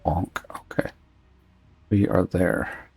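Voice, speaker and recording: A man's voice: low-pitched, animated, moderate pace, creaky, soft background music. A man streaming a game, thinking aloud in casual, rambling commentary and saying he is losing his voice. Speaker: gaming streamer.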